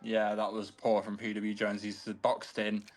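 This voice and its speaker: A man's voice: on the low side, measured pace. A man co-commentating an online sim race, chatting about the driving and checking viewer chat. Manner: steady, chatty co-commentator who reads the chat.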